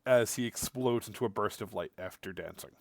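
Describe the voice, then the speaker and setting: A man narrating as game master of a tabletop role-playing game in a lively, animated way. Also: fairly low pitch, brisk, creaky, no room sound, clean studio sound.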